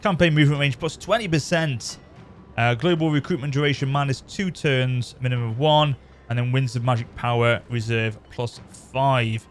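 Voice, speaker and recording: A man's voice: medium pitch, fairly even intonation, moderate pace. Man, gaming channel host, casual commentary, rambling, faint background music. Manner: chatty, rambling, self-correcting. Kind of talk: casual let's-play commentary.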